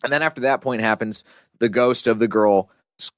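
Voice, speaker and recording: A man's voice: mid-range voice, a little fast, dry recording. Man hosting a casual movie podcast. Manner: enthusiastic, explains plot at length. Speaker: podcast host.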